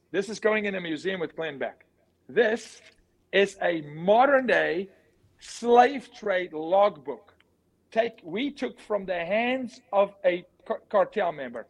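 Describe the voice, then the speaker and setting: A man speaking as an interview guest, forceful and emphatic, repeating his key words. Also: high voice, rough recording. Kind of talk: impassioned interview talk.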